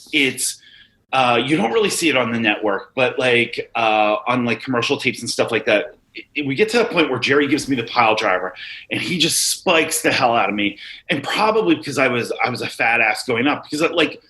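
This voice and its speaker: Male, 40s, bright edgy timbre; rambling, profane podcast guest storyteller. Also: mid-range voice, normal speed, low-quality recording. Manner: animated, profane, rambling anecdotes. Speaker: guest, former wrestler. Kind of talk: casual storytelling.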